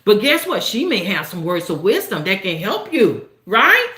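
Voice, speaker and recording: A woman's voice: sing-song, normal speed. An older woman hosting a live storytime stream, chatting to viewers with an encouraging, preacher-like rhythm and frequent "right?" tags. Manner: warm, encouraging, preacher-like cadence with lots of "right?" tags and big pitch swings. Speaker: livestream storytime host. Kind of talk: casual live-stream chat. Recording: roomy echo.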